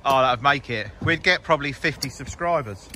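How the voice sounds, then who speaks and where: A man's voice: medium pitch, a little fast. Jokey man filming outdoors. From England. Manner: jokey, teasing, laughs often. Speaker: vlogger filming a magnet fishing outing. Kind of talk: casual filmed running commentary. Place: outdoors by a river. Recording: noisy outdoor recording.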